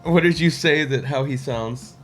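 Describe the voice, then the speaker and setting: A man's voice: a little high, moderate pace, soft background music. A man co-hosting a casual movie discussion, joking and laughing often. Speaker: podcast co-host.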